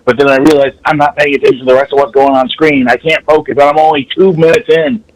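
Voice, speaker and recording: A man's voice: a little high, steady tone, fast talker, a little hiss or hum, poor audio. A man calling in to a podcast over the phone, chatting casually and rambling until he loses his train of thought. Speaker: caller. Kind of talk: casual chat. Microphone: phone with earbud, then speakerphone.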